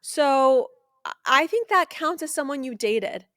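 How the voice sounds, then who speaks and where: A young woman co-hosting a podcast in casual chat, animated and incredulous, laughing often, close to the mic. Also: high voice, measured pace, no room sound. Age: young adult. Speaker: podcast co-host.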